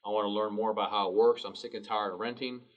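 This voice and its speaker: A man's voice: on the low side, fairly even intonation, fast, natural voice. A man voicing a frustrated woman in her fifties, sick of renting, in a weary, fed-up way. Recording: distant mic, dull sound.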